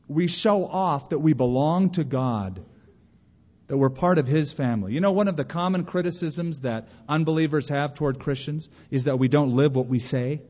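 A male pastor preaching a sermon, animated, acting out quotes with sudden bursts of energy. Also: on the high side. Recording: muffled recording in a reverberant hall.

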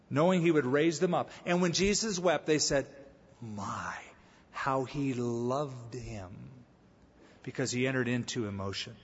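A man preaching a sermon as pastor, telling a humorous story before making his point. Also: fairly high pitch. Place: church sanctuary. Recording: echoey hall, slightly dull sound.

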